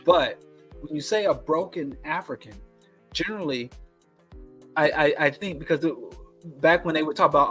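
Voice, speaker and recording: A man hosting a radio call-in talk show, explaining his points in a measured, deliberate way. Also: fairly high pitch, fairly bright tone, faint music behind.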